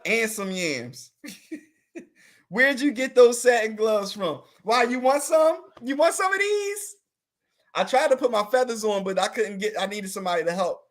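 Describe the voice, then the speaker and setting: A man with a high, slightly bright voice appears as a guest on a talk show, answering live comments in a casual comedic chat. He's playful and teasing, laughs a lot and stretches out words for emphasis.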